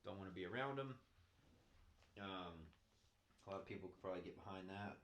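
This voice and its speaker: A man's voice: low-pitched, a little fast, fairly bright tone. A man co-hosting a podcast, talking casually in a blunt, profane, joking way. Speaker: podcast co-host. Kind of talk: casual chat. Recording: echoey room.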